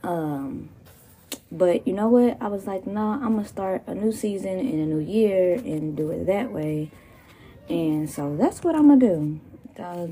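A woman recovering from pneumonia hosts her own podcast, delivering a casual solo rant full of profanity and laughing asides. Her voice is on the low side and mellow, with slight background noise.

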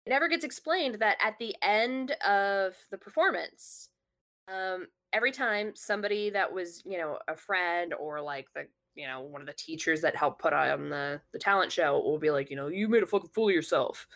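A woman's voice: fairly low pitch, normal speed, fairly bright tone. A woman in casual conversation, telling a long story with many fillers and restarts. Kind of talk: casual chat.

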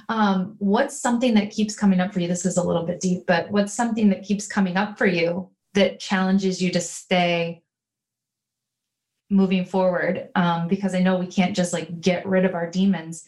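A woman hosting a podcast interview, asking reflective questions in a gentle, probing way with some "um"s. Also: fairly low pitch, steady tone, moderate pace. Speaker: podcast host. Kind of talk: conversational interview.

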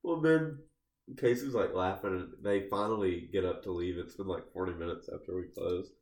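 A man's voice: low-pitched, normal speed, a little mellow, reverberant. A man co-hosting a podcast, telling a story in casual chat, rambling and filling his sentences with "like.". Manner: rambling, heavy use of "like" fillers, restarts mid-sentence. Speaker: podcast co-host.

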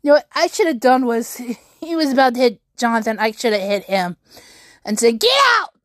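A woman's voice: a little high, brisk, darkish tone, dry recording. A young woman telling an upsetting personal story on her vlog, rambling with many restarts and fillers. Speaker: YouTuber.

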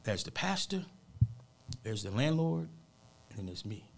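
A man's voice: fairly low pitch, very animated, a little slow, gravelly. A man who works as a motivational speaker, telling a personal story with heartfelt, emphatic, almost preacher-like earnestness during a radio interview.

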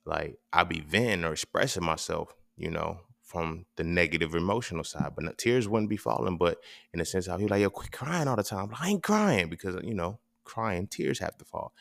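A man's voice: low-pitched, animated, normal speed, vocal fry, a bit bright, dry recording, clean studio sound. A man hosting a podcast in a casual monologue, rambling and profane, checking in with "right?" between thoughts. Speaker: podcast host.

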